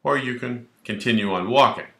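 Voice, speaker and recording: A man who is a criminal defense attorney, explaining the law straight to camera in a brash, animated way and acting out little scenes. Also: medium pitch, a little fast, echoey room. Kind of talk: direct-to-camera legal explainer.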